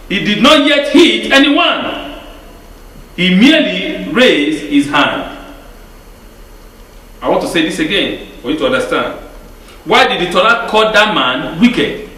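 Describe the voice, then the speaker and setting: A man's voice: high voice, bright, forceful tone. A man preaching a sermon with emphatic rhetorical questions and frequent restarts. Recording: very echoey hall, mic far off.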